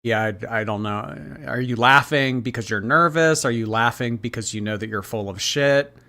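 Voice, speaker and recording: Male streamer, chatty commentary host, mid-pitched voice. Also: normal speed, bright, forceful tone. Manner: reacts to clips, thanks viewers by name. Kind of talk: casual livestream commentary.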